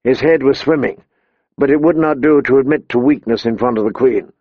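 A man reading a fantasy novel aloud as audiobook narrator, in measured storytelling. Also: medium pitch, husky, no room sound. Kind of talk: scripted narration. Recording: dull, dry lo-fi audiobook recording.

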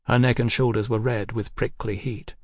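Brief: male audiobook narrator, mid pitch, measured and unhurried, dry studio sound. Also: level tone, a little mellow, dry recording. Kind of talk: scripted novel narration.

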